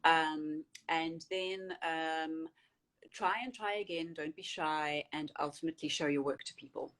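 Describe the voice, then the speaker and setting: A woman's voice: low-pitched, steady tone, a little slow, a bit bright. A middle-aged woman, a guest in a casual interview who talks with many fillers and restarts. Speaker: actress and screenwriter, interview guest.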